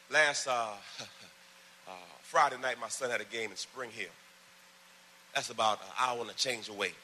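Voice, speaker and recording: A man preaching a sermon to a congregation in a church, calling for responses and building to loud, fervent emphasis between quieter asides. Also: mid-range voice, normal speed, pauses often, husky. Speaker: pastor.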